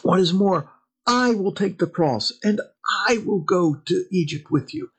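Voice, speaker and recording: A man putting on a young exiled prince, eager and pleading, his voice pushed up high as he stacks promise upon promise. The tone is slow and husky throughout. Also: lively intonation, heavily acted. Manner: eager, piling up grand promises.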